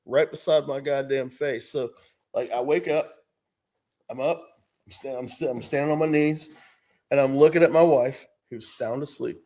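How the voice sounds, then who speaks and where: A man's voice: medium pitch, steady tone, moderate pace, a little mellow. A middle-aged man on a podcast, telling a profane story in casual chat, often laughing. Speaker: podcast co-host.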